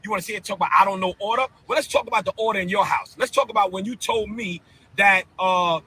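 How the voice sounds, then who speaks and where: A bishop ranting on a live stream in a fiery, confrontational preaching cadence, full of incredulous repeated outbursts. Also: male voice, high-pitched, fast, bright, forceful tone, a little hiss or hum, low-quality recording. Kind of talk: heated live-stream rant.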